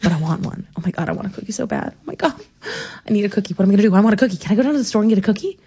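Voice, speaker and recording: A woman chatting in crude, casual banter, swearing freely and breaking into laughter. Her voice is gravelly and husky, and her pitch swings widely. The recording sounds dull and lo-fi. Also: racing. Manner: profane, animated, laughs often.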